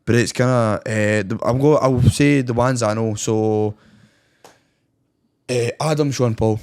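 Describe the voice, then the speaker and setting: A man's voice: medium pitch, measured pace, darkish tone, no room sound. A man with a Scottish accent co-hosting a podcast, easygoing and asking the guest loose questions. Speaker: podcast co-host. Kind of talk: casual podcast chat.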